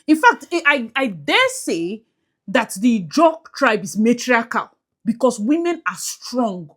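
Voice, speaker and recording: A woman with a Nigerian accent chats to her audience in a casual commentary vlog. Her voice sits fairly high and leaps around with lively emphasis. She drops into pidgin-flavored phrases as she makes her point. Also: slow. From Nigeria, Port Harcourt. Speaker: YouTube commentator.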